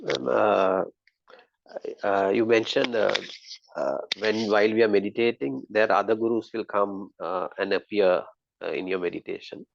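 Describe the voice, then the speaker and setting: A man's voice: lowish voice, steady tone, moderate pace, gravelly, background noise. A man in the audience asking a hesitant question, full of fillers. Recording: dull, distant from the mic.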